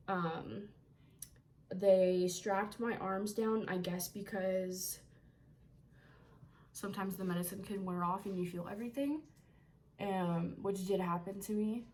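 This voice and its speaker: A woman's voice: medium pitch, darkish tone. A young woman vlogging from her bedroom, telling a personal story in a candid, rambling way, with casual swearing and moments of emotion. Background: faint TV sound playing.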